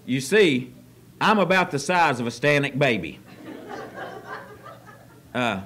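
A man preaching a sermon as pastor, folksy and joking, swinging from quiet asides to loud excited bursts. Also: medium pitch, slow pace, slight background noise. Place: church service.

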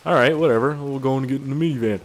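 A man's voice: medium pitch, very fast. Young man rambling over gameplay. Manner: rambling, profane, easily amused. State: tired. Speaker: gaming video creator. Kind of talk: casual gameplay commentary.

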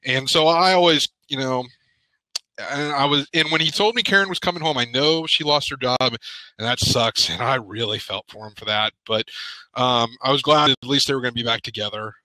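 A man in a podcast video call, talking haltingly with many pauses and fillers, choked up with emotion. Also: mid-range voice, sharp tone, dry recording, poor audio. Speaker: podcast panelist. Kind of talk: emotional casual chat. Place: home.

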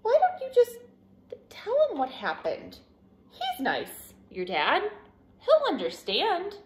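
Woman doing a gentle kindly storybook rabbit. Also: extremely high pitch, huge pitch swings, slow, echoey room, slight background noise, voice pushed up, exaggerated voice. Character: kind, gentle female rabbit.

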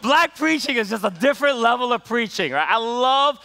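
A male pastor preaching a sermon in a relaxed, storytelling way, full of fillers, that builds to enthusiasm. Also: extremely high pitch, normal speed, vocal fry, long reverb tail. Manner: conversational storytelling with many fillers and rising enthusiasm. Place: church sanctuary.

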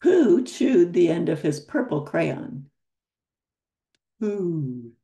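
A woman's voice: low-pitched, big pitch swings, very slow, mellow. An older woman reading a picture book aloud to children, stopping to ask the listener questions. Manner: asks the listener questions between pages. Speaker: storyteller.

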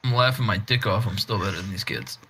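A man's voice: lowish voice, expressive, fast, pushed and bright. A man gamer in casual chat, laid-back and teasing, chuckling often. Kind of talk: casual chat while gaming.

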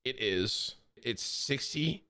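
A man's voice: mid-range voice, expressive, measured pace. A man in his thirties chatting casually and jokingly to his live-stream audience, dropping "bro" often. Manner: loud, joking, says bro a lot.

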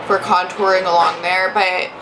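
A woman's voice: on the low side, little pitch movement, normal speed, noisy background. A young adult woman giving a casual makeup review, chatty and rambling with lots of fillers and restarts. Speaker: beauty vlogger.

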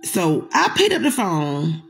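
A woman telling a personal story straight to her audience in a casual storytime monologue, animated and dramatic, swearing often. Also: on the low side, slow, creaky, rough recording.

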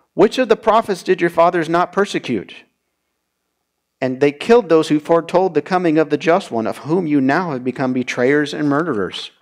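A man teaching a verse-by-verse Bible study, reading scripture aloud and explaining it in a measured, plain way. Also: a little high.

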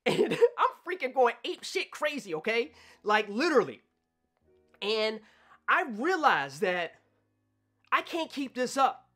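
A man telling a personal story to camera in an animated way, acting out his own past thoughts. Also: very high-pitched, measured pace, long pauses, soft background music. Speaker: vlogger.

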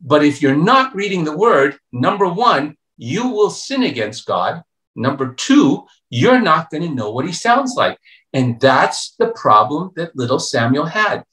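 A pastor preaching a youth revival sermon, telling a story and acting out its voices, playful and joking. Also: male voice, fairly high pitch, big pitch swings, measured pace. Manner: storytelling preacher, acts out voices and swings between hushed and loud; playful, calls himself a joker. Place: church sanctuary. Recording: echoey church room.

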